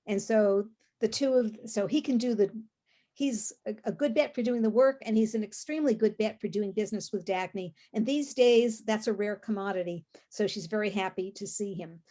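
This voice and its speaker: A woman with a voice of ordinary pitch, co-hosting a casual podcast about a novel. She explains her points thoughtfully and at length, pausing on fillers as she works through her ideas. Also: dark tone. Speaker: co-host discussing a novel.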